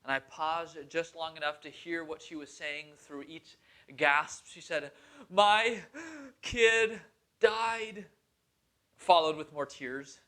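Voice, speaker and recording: A man's voice: on the high side, little pitch movement, measured pace, fairly bright tone. A young man in his twenties, a pastor telling a personal story in a sermon with an earnest, conversational manner. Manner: earnest, conversational, with a laugh now and then.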